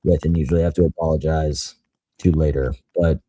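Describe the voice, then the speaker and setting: A man's voice: a bass voice, fairly even intonation, brisk, dark tone, a little hiss or hum. A man in his thirties co-hosting a podcast, telling family stories in casual chat and laughing at himself. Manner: laughs while telling stories, self-deprecating. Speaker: podcast co-host.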